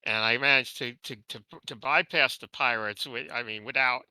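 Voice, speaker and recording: A male tabletop player with a very bright, crisp voice, heard dry and close. He stammers and repeats words as he talks. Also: medium pitch, normal speed, no room sound, rough recording. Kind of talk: tabletop role-play.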